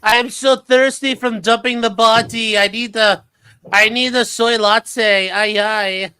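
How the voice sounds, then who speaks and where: A man putting on a breezy woman's voice, drawing out his words in a high mocking falsetto. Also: steady tone, measured pace, bright, forceful tone, clear, resonant tone, dry recording. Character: breezy woman craving coffee, mock high voice.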